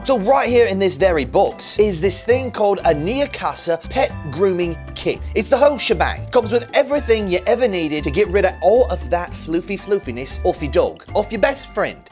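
A man's voice: high voice, big pitch swings, fairly quick, hardly any pauses. Playful guy vlogging about his dog at home, voice swings up and down a lot, faint music under it. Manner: playful, joking. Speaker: dog channel host. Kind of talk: casual product review vlog.

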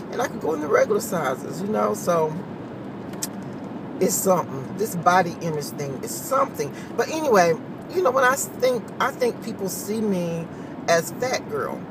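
A chatty woman, talking to her viewers in a lively, swooping voice and laughing often. She sounds a bit far from the phone mic. A steady noise runs behind her. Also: lowish voice, normal speed. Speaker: vlogger. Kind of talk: casual morning chat to viewers.

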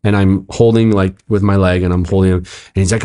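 Low-voiced man telling an animated story. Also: a little fast. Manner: animated, acts out quotes, laughs often. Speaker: pastor, podcast guest. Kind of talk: casual storytelling in conversation.

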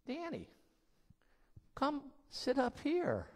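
A man acting out a loving, jolly older nun who teaches a class, speaking in a gentle, coaxing way. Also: very high-pitched, huge pitch swings, measured pace, long reverb tail, pitched above the performer's own voice, full character voice. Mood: loving, encouraging.

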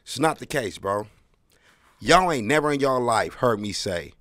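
A man's voice: mid-range voice, animated, measured pace, fairly bright tone, no room sound, clean studio sound. A man hosting his own podcast, talking in a slangy, rambling solo monologue with wry, emphatic storytelling. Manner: slangy, rambling, keeps tagging "bro". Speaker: podcast host.

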